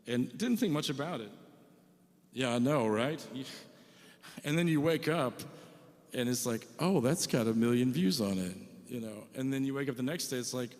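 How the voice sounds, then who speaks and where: A man in his forties, a visiting musician telling self-mocking stories between songs to a church crowd. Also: mid-range voice. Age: 40s. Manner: chatty, self-mocking, jokey asides to the crowd. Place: church hall with live audience. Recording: long hall reverb.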